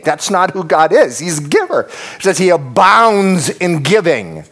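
A pastor preaching a sermon, emphatic and repetitive, talking straight to his congregation and dropping to a hush at times. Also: a little high, very animated, moderate pace. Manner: addresses the congregation directly.

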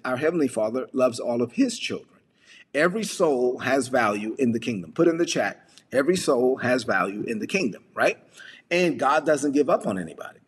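Husky-voiced preacher in a reverberant hall. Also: male voice, mid-range voice. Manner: retells scripture in casual dialogue. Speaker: pastor. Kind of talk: sermon.

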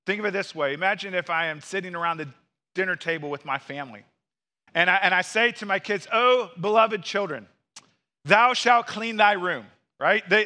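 A man preaching an earnest expository sermon, explaining a passage with quick asides. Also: high-pitched, pushed and bright. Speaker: pastor.

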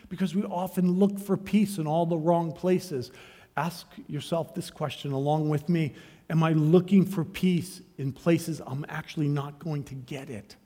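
A man preaching a sermon as pastor, swinging between hushed, searching questions and loud, rising calls to the congregation. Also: on the high side. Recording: long hall reverb.

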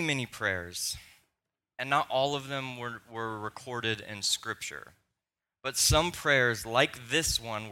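A young man preaching a sermon in a church, conversational and warm-humored, mixing personal stories into his teaching. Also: medium pitch. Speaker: pastor. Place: church sanctuary.

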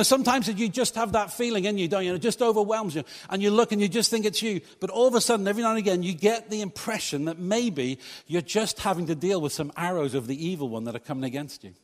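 Male pastor giving a sermon, bit of a higher voice, chatty and jokey with the crowd, long church echo. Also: animated, fast, few pauses. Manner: conversational, humorous asides to congregation. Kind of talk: preached sermon. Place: church hall.

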